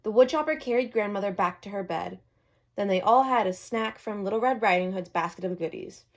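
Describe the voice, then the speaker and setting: A woman reading a children's storybook aloud in a friendly, expressive way. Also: mid-range voice, brisk.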